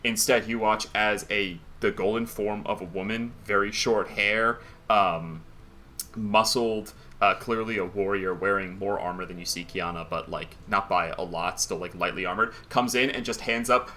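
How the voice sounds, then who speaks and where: A man's voice: lowish voice, steady tone, moderate pace, sharp tone, slight background noise. A man narrating as game master, rambling and interrupting himself as he rules on the action.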